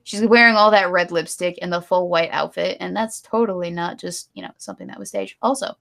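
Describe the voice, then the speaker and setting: Woman ranting on a live stream show, opinionated, a bit of vocal fry. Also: lowish voice, fairly even intonation, a little fast, a bit bright. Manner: opinionated ranting, then giggly and apologetic. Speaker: stream co-host. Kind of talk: casual live-stream chat.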